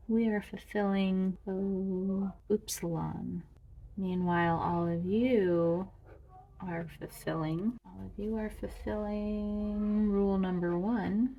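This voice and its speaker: A woman reviewing her own Greek lessons in a self-made tutorial, chatty and thinking aloud as she slowly sounds out words. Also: mid-range voice, dull audio, a little hiss or hum.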